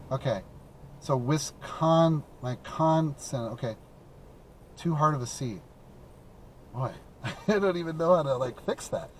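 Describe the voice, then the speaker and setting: A man's voice: mid-range voice, slight background noise. A man from the American Midwest hosting a call-in talk show from his car, chatting casually and rambling with lots of fillers and restarts. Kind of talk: casual live-stream chat. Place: in a car while driving.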